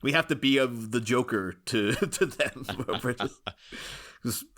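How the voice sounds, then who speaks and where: A man's voice: mid-range voice, unhurried, fairly bright tone. An English man co-hosting a podcast, chatting casually and rambling with frequent chuckles and restarts. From England. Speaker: podcast co-host. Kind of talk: casual chat.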